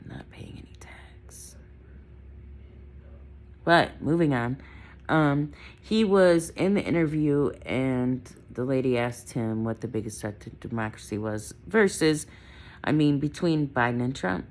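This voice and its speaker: Low, gravelly woman vlogging casually. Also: measured pace, a little mellow. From Wisconsin, United States. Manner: chatty, opinionated, trailing off with "right?" and "I don't know". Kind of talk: casual opinion vlog. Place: in a car.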